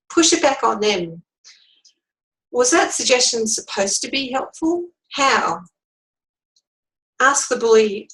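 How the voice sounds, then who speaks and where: Woman teaching a recorded workplace lesson, calm and explaining, mid pitch. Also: unhurried, rough recording. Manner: calm, instructive, acts out sample phrases. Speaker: workplace trainer. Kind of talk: recorded lecture.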